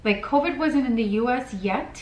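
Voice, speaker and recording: A woman's voice: high voice, expressive, normal speed, a little hiss or hum. A woman in her thirties telling a personal story on her vlog in an earnest, heartfelt way. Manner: earnest, heartfelt, emotional at times. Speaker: vlogger. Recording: echoey room, mic at a distance.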